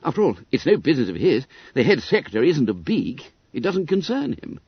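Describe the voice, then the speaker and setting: A man's voice: on the high side, big pitch swings, fairly quick, husky, dry recording, pitched above the performer's own voice, heavily acted. A man voicing an eager, boisterous teenage schoolboy who speaks in exclamations. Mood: cheery. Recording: dull, dry audiobook recording.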